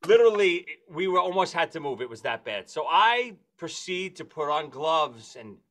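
A man telling a comic story among friends, acting out the voices of the people in it with shrill squeals. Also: very animated, normal speed, fairly bright tone. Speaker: podcast host telling a story.

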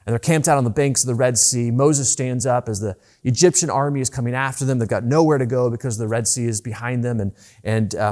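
A male pastor delivers a sermon from the church pulpit in a mid-range voice. He speaks earnestly and builds intensity on the scripture he reads, then slows and lingers over key phrases. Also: medium pitch, a little mellow. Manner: earnest preaching, rises and slows to stress scripture.

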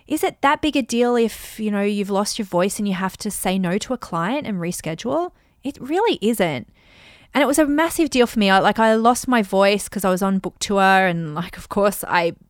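A woman's voice: medium pitch, dry recording, clean studio sound. A woman in her thirties from Australia, hosting a solo podcast and telling personal stories, acting out her own quoted thoughts. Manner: chatty storytelling with acted-out quotes. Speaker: podcast host.

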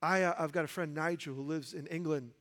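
A man preaching a sermon, animated, mimicking the voices of people in the stories he tells. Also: on the high side, fairly quick, big-room sound. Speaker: pastor.

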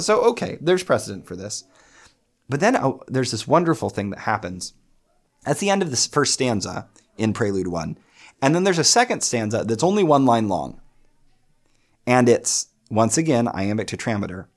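A man explaining poetic meter with animated enthusiasm, reading lines of verse aloud and breaking them down. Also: lowish voice. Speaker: poetry lecturer.

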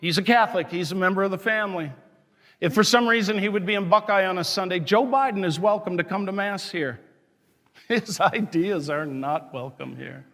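A man's voice: sits high, fairly quick, fairly bright tone. A man, a parish priest, preaching an impassioned sermon full of rhetorical questions and declared righteous anger. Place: large church. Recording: long church reverb.

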